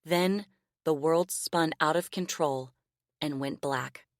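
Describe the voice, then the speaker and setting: A woman narrating a novel audiobook in a measured, expressive reading style. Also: low-pitched, no echo, clean studio sound. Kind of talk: scripted narration.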